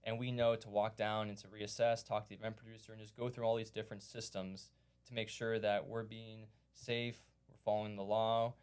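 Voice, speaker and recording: A man's voice: fairly low pitch, little pitch movement, a little fast, a little mellow, clean tone. A man talking as a guest on a casual podcast, explaining his venue management work step by step with enthusiasm.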